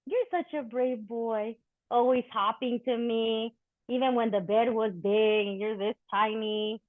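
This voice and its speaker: A woman's voice: fairly high pitch, dry recording. A woman performing spoken-word poetry and chatting candidly between poems at a live poetry event, swearing freely. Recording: thin phone-like dry recording.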